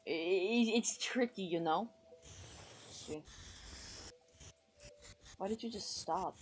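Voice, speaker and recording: A woman on a casual live stream, talking through her drawing in a loose, rambling way. She mutters to herself between thoughts and is quick to put herself down. When she greets people in chat she turns upbeat and friendly, at a middling pitch. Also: slight background noise. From United States.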